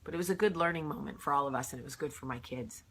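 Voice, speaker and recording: A woman's voice: rumbling low, racing, background noise. A woman who is unwell, telling a personal story to camera in a casual, earnest, heartfelt way. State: sick. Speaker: vlog host.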